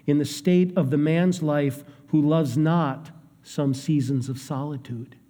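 A male pastor preaches with a deliberate, unhurried pace, dropping to hushed lows and then rising for emphasis. His voice sits a bit high for a man. The sound carries a long reverb tail from a large sanctuary. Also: steady tone. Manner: dramatic swings between hushed and raised delivery. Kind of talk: sermon.

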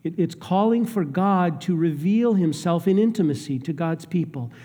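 A man preaching a sermon, swinging between hushed, low lines and raised, emphatic ones. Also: lively intonation, moderate pace, few pauses. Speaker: pastor. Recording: long hall reverb.

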